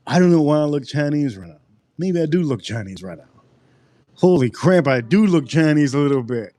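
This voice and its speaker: A man's voice: a little high, moderate pace, no room sound. Man rambling through a livestream, dry sound. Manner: rambling, joking, animated outbursts. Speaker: livestream host. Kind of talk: casual livestream drink review.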